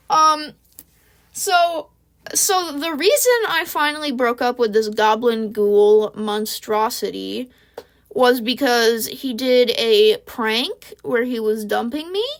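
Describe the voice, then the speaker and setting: A woman's voice: on the high side, takes it slowly, pauses often. A woman telling a casual storytime, sarcastic and slangy, swearing freely as she talks into a home recording mic. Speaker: vlogger.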